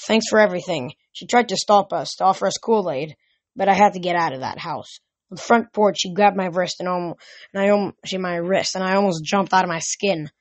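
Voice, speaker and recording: A woman's voice: on the low side, fairly quick, dry recording. A tired woman reading a novel aloud casually, with slips and restarts. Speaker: reader.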